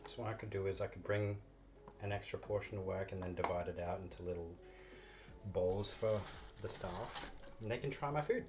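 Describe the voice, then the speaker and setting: A man's voice: low-pitched, moderate pace, background noise. A man chatting casually and rambling with jokes and offhand swearing while he cooks on a live stream. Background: loud music.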